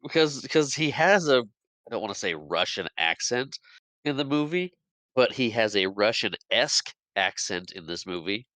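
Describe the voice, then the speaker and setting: A man with a low, bright, forceful voice chats casually on a movie podcast. He laughs a lot and pushes back in a playful way. The recording is dry and close. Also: expressive, moderate pace, no room sound. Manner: laughs often, playful disagreement. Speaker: podcast co-host.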